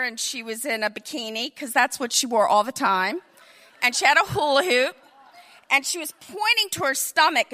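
High-voiced, bright comic woman storyteller. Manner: animated, comic, with vivid asides. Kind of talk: personal storytelling.

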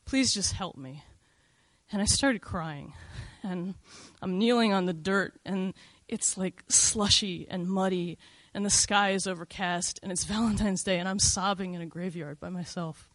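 A woman's voice: lowish voice, a little slow, dry recording. A middle-aged woman telling a first-person story in a candid, conversational way, full of "like" and "you know".

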